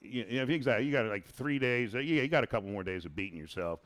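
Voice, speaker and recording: A married man hosting a casual faith-based chat, who talks in an animated, preachy way and repeats phrases for emphasis. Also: mid-range voice, fast talker. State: married, has a son.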